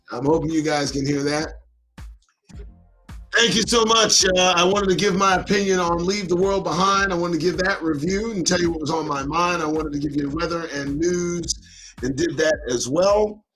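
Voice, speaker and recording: A man hosting his own live stream, talking in a rambling, folksy, halting way. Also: a little high, a bit bright, soft background music. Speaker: livestream show host. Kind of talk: casual live-stream monologue.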